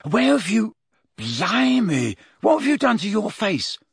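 A man voicing an excitable teenage schoolboy who talks in a high, startled, blurting way. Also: a little slow, breathy edge, no echo, studio quality, heavily acted.

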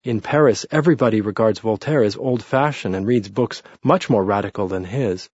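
A man's voice: on the low side, normal speed, darkish tone, breathy edge, no room sound, highs cut off. A man reading the part of a thoughtful, earnest young man in a storybook, reflective in manner. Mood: indignant.

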